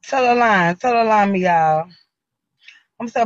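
A man's voice: high-pitched, a little slow, no room sound, muffled recording. A man hosting a casual livestream chat, complaining over and over in an exasperated way and laughing often. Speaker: livestream host.

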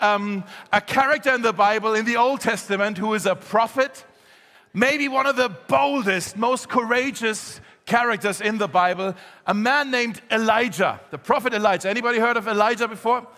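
A man preaching a sermon to a congregation, lively and joking, getting the crowd to join in. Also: very high voice, normal speed, big-room sound. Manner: lively, jokey, talks straight to the congregation. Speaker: pastor. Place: church hall.

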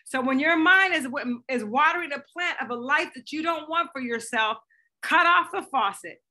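Bright high-voiced woman fitness coach. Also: normal speed. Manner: energetic, animated, chatty. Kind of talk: live coaching call.

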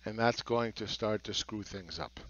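A man's voice: on the low side, moderate pace, a bit bright, muffled recording. A man giving a blunt market commentary monologue, sarcastic and swearing, who mocks other people's views. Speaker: market analyst.

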